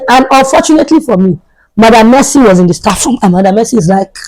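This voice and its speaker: A woman's voice: fairly high pitch, a little fast, darkish tone, low-quality recording. A young adult woman, a vlogger telling a storytime tale in a chatty way and repeating herself for emphasis. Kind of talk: storytime vlog.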